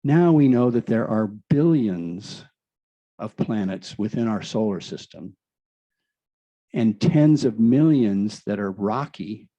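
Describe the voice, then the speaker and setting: A man's voice: lowish voice, mellow, muffled recording. A man giving an enthusiastic explanatory presentation, explaining through rhetorical questions.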